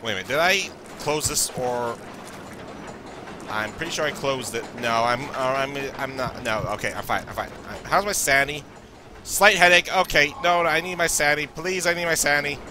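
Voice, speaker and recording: A young Canadian man commentates a horror game as a let's play gamer, nervously and jittery, talking to himself. His voice is on the high side and a little worn as he loses it, at a moderate pace against a noisy background.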